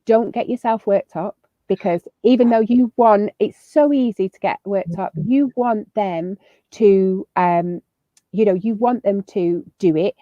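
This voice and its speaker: A woman's voice: medium pitch, unhurried, dry recording. A woman giving chatty, upbeat parenting advice as a guest on a video call, with lots of fillers and restarts. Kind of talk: casual advice chat. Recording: slightly muffled lo-fi audio.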